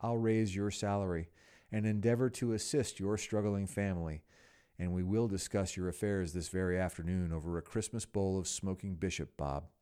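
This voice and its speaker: A man's voice: sits low, steady tone, normal speed, warm tone, clean tone, natural voice. A man reading the part of an old male miser turned joyful and kindly, with a hearty, teasing way of talking.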